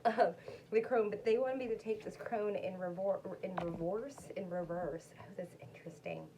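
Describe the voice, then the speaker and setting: A woman's voice: medium pitch, moderate pace, mellow, slight background noise, rough recording. A woman doing a casual, rambling tarot card reading, chatting to her viewers. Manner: chatty, rambling, talks to her dog between cards. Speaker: tarot reader.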